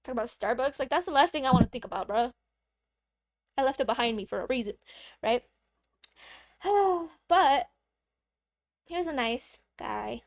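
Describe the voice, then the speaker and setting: A young woman vlogger telling a casual story, chatty and playful, swearing freely with quick asides. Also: high-pitched, lively intonation, dry recording, clean studio sound.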